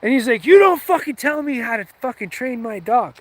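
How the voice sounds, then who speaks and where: A man's voice: very high voice, big pitch swings, fairly quick, no room sound. A man telling a rambling, heated story with lots of swearing, in a casual, offhand way. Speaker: vlogger.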